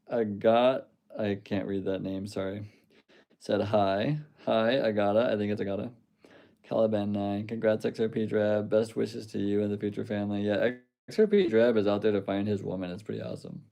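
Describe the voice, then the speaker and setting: A young man hosts a loose, casual livestream and reads out the chat, rambling and swearing freely. His voice sits low and gravelly, with a warm, mellow tone. He laughs easily at the comments. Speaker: livestream host reading chat.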